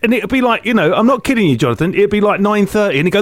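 Brief: male comic guest, high voice swinging all over, excitable yarn-spinner. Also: racing, dry recording. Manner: excitable storyteller, jumps between high and low. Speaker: comedian guest. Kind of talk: casual podcast chat.

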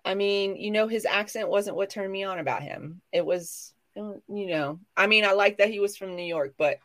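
A woman's voice: medium pitch, normal speed, a bit bright. A woman from the American South co-hosting a casual live stream chat, rambling and trailing off into new thoughts. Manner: chatty, rambling, trails off and restarts mid-thought.

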